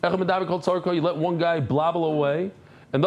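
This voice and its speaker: A man teaching a daily Talmud class, reading the Aramaic text and explaining it in English, switching to softer storytelling. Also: a little high, fairly quick.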